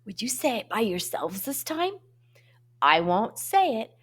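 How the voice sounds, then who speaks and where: A woman music teacher giving a lesson to young children, talking in an animated way and swooping between high and low voices. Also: unhurried, breathy edge.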